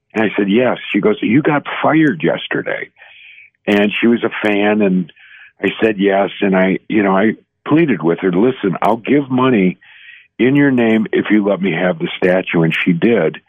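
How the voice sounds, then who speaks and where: A man in his sixties, a guest telling a personal story in earnest, halting speech with many restarts, heard over a phone line. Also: low-pitched, dry recording. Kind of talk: personal testimony in an interview. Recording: tinny dry phone line.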